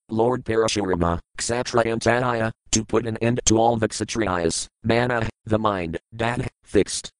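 A man reciting scripture verses and their word-for-word meanings in a measured, even reading cadence. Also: lowish voice, smooth, dry recording, rough recording. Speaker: scripture reader.

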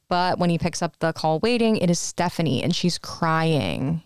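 A woman's voice: lowish voice, normal speed, hardly any pauses, smooth, no echo, studio quality. A young woman co-hosting a podcast, chatting casually as she recaps a movie and acts out the characters' lines. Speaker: podcast co-host.

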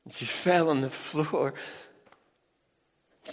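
A middle-aged man preaching a sermon as a pastor, emphatic and animated, with asides to the congregation. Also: mid-range voice, slow pace, long pauses. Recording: long reverb in a large hall.

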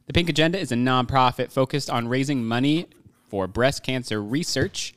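Upbeat male podcast host, smooth and clear, dry close sound. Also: medium pitch, moderate pace, a bit bright, no room sound. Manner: upbeat, joking. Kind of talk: casual chat.

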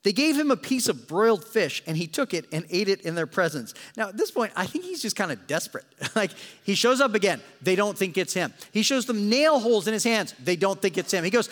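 A male pastor preaching a sermon with animated, dramatic storytelling and joking asides. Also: high-pitched, quick pace, few pauses. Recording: long hall reverb.

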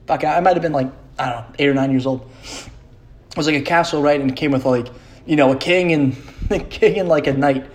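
A man's voice: on the high side, brisk. A young man hosting a solo podcast, rambling in a profane, self-mocking way and laughing often. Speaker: podcast host.

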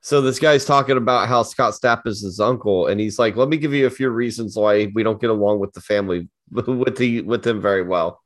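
A man co-hosting a casual podcast chat, easygoing and quick to laugh. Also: fairly low pitch, no echo, studio quality. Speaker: podcast co-host.

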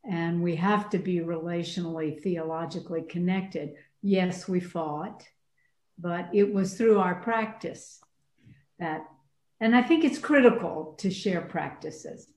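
An older woman from Atlanta, a priest and former university chaplain, telling stories in a reflective, conversational way. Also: fairly low pitch. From Atlanta, USA. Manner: storytelling, animated with laughs. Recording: roomy echo.

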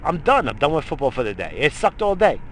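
Gravelly-voiced man ranting late at night. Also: a little high, big pitch swings, fast, a little hiss or hum. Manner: profane, rambling, swings from shouting to muttering. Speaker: vlogger. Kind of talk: late-night solo rant.

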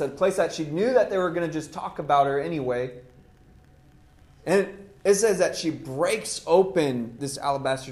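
A man preaching a sermon in an impassioned, conversational way. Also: sits high. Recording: roomy echo.

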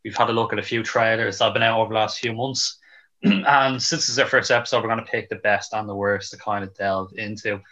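A man's voice: lowish voice, fairly even intonation, fairly quick, sharp tone. A man hosting a casual podcast, presenting the running order in an upbeat way. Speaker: podcast host. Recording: dull, lo-fi sound.

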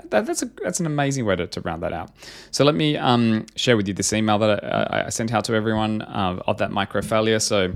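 A man's voice: on the low side, lively intonation, quick pace. A man, a company CEO, talks through a lesson from a small failure and reads out his own memo, in a loose, conversational way full of fillers and restarts. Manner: conversational, many fillers and restarts, self-questioning. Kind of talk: reflective podcast talk, reading his own memo.

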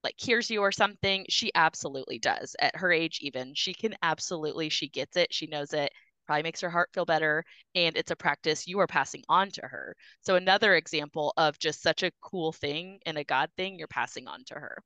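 A woman's voice: sits low, brisk, sharp tone, dry recording, low-quality recording. A woman hosting a faith podcast, chatty and encouraging as she affirms her guest. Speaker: podcast host. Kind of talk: casual faith talk.

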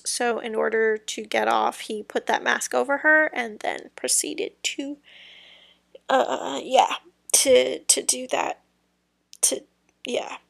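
A woman's voice: sits high, gravelly, a bit bright, dry recording, studio quality. A young woman hosting a casual true-crime podcast, telling the story in a rambling, hesitant way with many ums and trailing sentences. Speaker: podcast host.

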